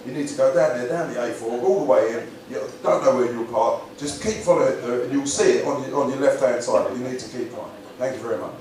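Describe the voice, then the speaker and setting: Essex man playing a formal police officer, low and quiet, echoey distant room. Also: fast, hardly any pauses, natural voice. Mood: officious. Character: polite, plodding male police officer. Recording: echoey live room, distant mic, noisy.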